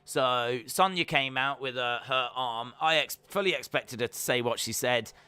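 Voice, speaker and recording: A man's voice: medium pitch, normal speed, pushed and bright, clear, resonant tone, dry recording. A man hosting a live wrestling reaction stream, chatting casually with lots of fillers and reading viewer comments aloud.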